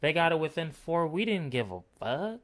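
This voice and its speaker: A man's voice: a little high, big pitch swings, moderate pace, fairly bright tone. A man ranting through a basketball game analysis, blunt, profane and sarcastic. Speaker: basketball commentary vlogger.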